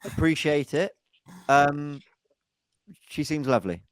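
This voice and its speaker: A man's voice: on the high side, lively intonation, slow, dry recording. A man co-hosting a casual podcast, making dry sarcastic jokes. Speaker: podcast co-host. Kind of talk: casual chat.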